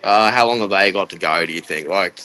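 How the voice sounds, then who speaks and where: A man's voice: low-pitched, a little fast, bright, forceful tone, poor audio. A man answering interview questions in a hesitant, laid-back way. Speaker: competitive chilli eater.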